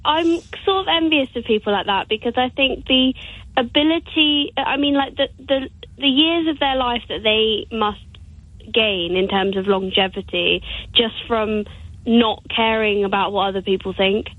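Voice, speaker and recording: A woman's voice: on the high side, normal speed, no echo. A woman co-hosting a chat show, teasing and chatty, heard over a phone line. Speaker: radio show co-host. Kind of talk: casual chat.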